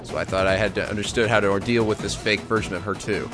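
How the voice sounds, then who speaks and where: A man hosting a let's play, reading the game's text aloud with animated, laughing asides. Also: lowish voice, fast talker, over music.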